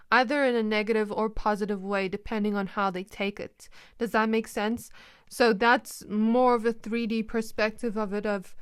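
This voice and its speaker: A woman's voice: fairly high pitch, fairly bright tone, clear, resonant tone. A woman reading tarot cards in a casual, rambling way, acting out little scenes as she talks. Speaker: tarot reader. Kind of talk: casual spiritual reading to camera.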